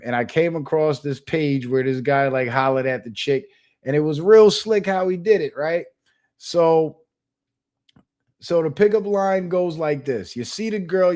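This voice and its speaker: Animated, profane man telling a story. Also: fairly high pitch. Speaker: channel host. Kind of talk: casual storytelling monologue.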